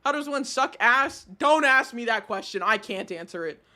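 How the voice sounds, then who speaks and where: A man on a live stream reads out chat messages and reacts to them in an animated, exasperated way, swearing freely. His voice has a bright, forward edge. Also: extremely high pitch, normal speed.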